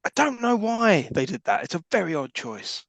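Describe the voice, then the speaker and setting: A man's voice: high voice, very animated, moderate pace, creaky, no echo. A man trading dry, joking asides as co-host of a casual podcast. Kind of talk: casual chat recapping a film.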